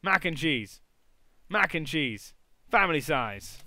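Brief: young gamer, high bright voice, excitable, prone to sudden shouts and swearing. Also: male voice, slow, no room sound. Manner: excitable, bursts into shouts, swears, teases the characters. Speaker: gaming YouTuber. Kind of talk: let's play commentary.

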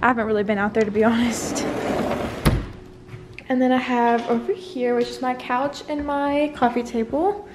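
A woman's voice: on the high side, normal speed, very noisy. A young woman in her apartment giving a chatty, rambling tour on her phone camera, a little out of breath. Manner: chatty and bubbly, rambling asides. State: slightly out of breath. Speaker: vlogger. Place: small apartment indoors.

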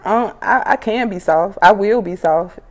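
At a moderate pace and medium pitch, the rapper, twenty-five, keeps the interview loose and blunt. She curses without holding back and laughs as she recounts stories.

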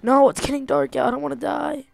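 A young woman with a slightly high voice narrates her gameplay in a loose, casual way. She talks to herself, gets excitable, swears freely and laughs often. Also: quick pace, creaky, dry recording, soft background music. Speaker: gamer.

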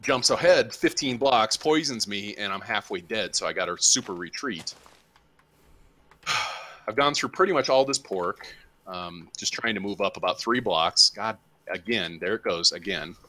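A man's voice: lowish voice, moderate pace, bright, forceful tone. A man in casual voice chat, rambling and commenting on his own play while gaming with friends. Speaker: gamer.

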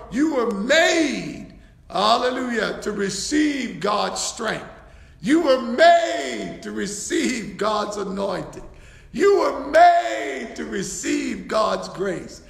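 A man preaching a sermon as pastor, building to shouts and often repeating words, with frequent cries of hallelujah and thank you, Lord. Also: very high-pitched, vocal fry, reverberant, long reverb tail.

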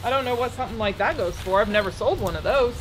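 A woman's voice: a little high, fast talker. A woman co-hosting a casual unboxing, making dry, laughing asides. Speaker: co-host and reseller. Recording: background noise.

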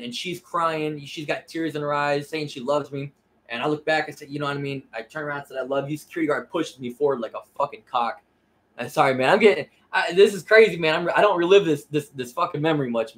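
A man's voice: fairly high pitch, a bit bright. Emotional young man telling a story. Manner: emotional, profane, repeats "I said" and "you know what I mean". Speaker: vlogger. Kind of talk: casual personal storytelling.

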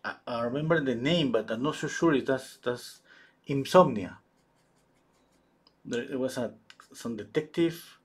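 Male painter, husky voice, halting live-stream chatter with many restarts. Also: mid-range voice. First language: Spanish. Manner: halting, searches for English words, many restarts. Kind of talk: casual chat while painting live.

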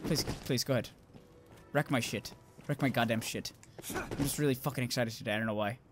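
A young man commentating a video game with loud outbursts, heavy swearing and self-mocking asides. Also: mid-range voice, brisk, noisy background. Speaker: gameplay commentator. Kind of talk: swearing, excitable let's-play commentary.

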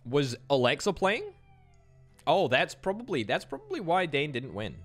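A man's voice: a little high, very animated, fairly bright tone, faint music behind. A man with a Scottish accent, streaming a game and joking back at viewer chat in a casual way. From Scotland. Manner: chatty, answering viewer chat with quick joking replies. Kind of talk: casual livestream chat while gaming.

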